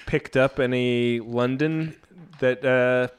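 A man's voice: mid-range voice, steady tone, slow pace, clean tone. A man hosting a casual podcast chat, playful and teasing in his asides. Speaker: podcast host.

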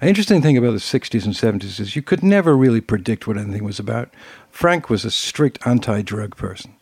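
British male co-host, older, husky, lively anecdote teller, dry recording. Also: on the low side, fast, no echo. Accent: British English. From Britain. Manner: animated storyteller who acts out quotes. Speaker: podcast co-host. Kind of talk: casual conversation, telling anecdotes.

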